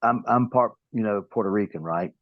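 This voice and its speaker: Low-voiced man with a Southern drawl. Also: moderate pace, dry recording. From American South. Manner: rambling storytelling with many restarts. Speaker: guest, pro wrestler. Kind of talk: casual interview talk. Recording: dull lo-fi, dry sound.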